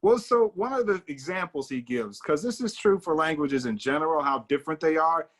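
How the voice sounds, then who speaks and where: A man's voice: fairly high pitch, animated, brisk, a bit bright. A man hosting a casual discussion over a video call, easygoing and affirming, often saying "right, right". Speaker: host.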